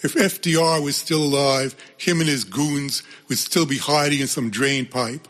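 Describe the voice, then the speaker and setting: A man's voice: medium pitch, steady tone, moderate pace, a bit bright, lightly acted. A man reading aloud as a curt, defiant old man who brushes off danger. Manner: curt, dismissive.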